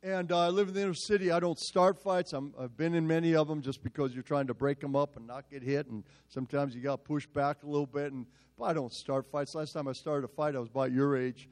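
Male pastor, self-mocking storyteller, slightly high voice, lively sermon delivery. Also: quick pace, hardly any pauses.

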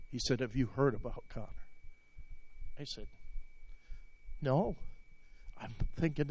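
A man preaching as a pastor, telling a heartfelt story and praying, his voice breaking as he fights back tears. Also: medium pitch. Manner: emotional storytelling, voice breaking, tearful. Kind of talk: sermon and prayer. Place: church service. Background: soft instrumental music.

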